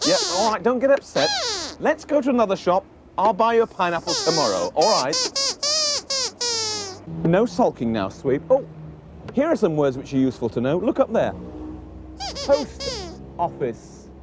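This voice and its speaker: Animated British man talking to kids. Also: high voice, moderate pace, long pauses, heavy background noise. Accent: British English. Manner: animated, teasing, patient. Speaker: children's TV presenter. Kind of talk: playful talk with a puppet.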